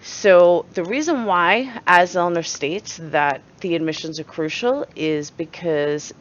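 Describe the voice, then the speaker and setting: A woman's voice: fairly low pitch, takes it slowly. A woman with a New York accent giving blunt, sarcastic commentary and swearing freely, with a dull lo-fi recording sound. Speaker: channel host. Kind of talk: opinionated commentary.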